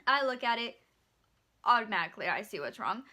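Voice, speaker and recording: Young woman vlogger, high and bright, chatty, animated, casual swearing. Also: a little fast. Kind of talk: casual storytelling.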